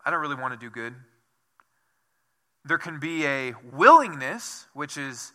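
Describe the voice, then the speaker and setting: A man's voice: a little high, very animated, unhurried, long pauses, bright, forceful tone. A male pastor preaching a sermon in a conversational, self-deprecating storytelling manner, asking his listeners many questions.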